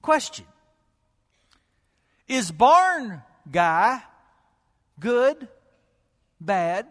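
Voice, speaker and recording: A male pastor preaching with rhetorical questions and dramatic pauses, sometimes dropping to a near whisper. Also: very high-pitched, a bit bright, in a large hall. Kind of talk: sermon. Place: church sanctuary.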